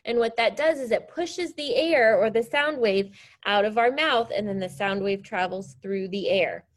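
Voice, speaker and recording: A woman's voice: mid-range voice, normal speed. A woman teacher leading a science lesson, explaining step by step in an upbeat, encouraging way. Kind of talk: classroom science demonstration.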